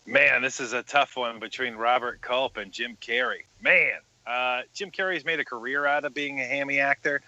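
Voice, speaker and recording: A man co-hosting a casual movie podcast, talking haltingly and repeating words. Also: mid-range voice, sharp tone, dry recording. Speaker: podcast co-host. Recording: slightly dull lo-fi audio.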